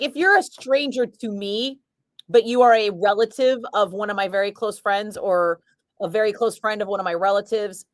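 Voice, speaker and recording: A woman's voice: mid-range voice, no echo, studio quality. Chatty, blunt radio DJ woman. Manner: chatty and blunt, answers viewers' comments, laughs easily. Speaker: radio DJ chatting with live stream viewers. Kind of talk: casual livestream chat.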